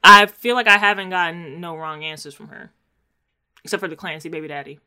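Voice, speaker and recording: A woman's voice: on the low side, a little fast, sharp tone, smooth. A woman co-hosting a casual chat, laughing often as she recaps scenes. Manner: laid-back storytelling with frequent laughs. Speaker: podcast co-host recapping a TV episode.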